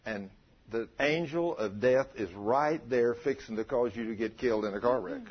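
A man preaching a sermon, calling out to his congregation and acting out prayers in an animated way. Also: mid-range voice, normal speed, husky, highs cut off.

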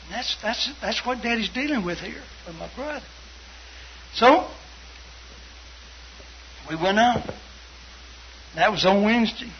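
Older guy preaching his testimony, high voice, fired up then quiet, muffled old recording with a bit of hiss. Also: animated, measured pace, pauses often. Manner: fervent, storytelling, swings between loud and hushed. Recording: dull lo-fi broadcast with faint hiss.

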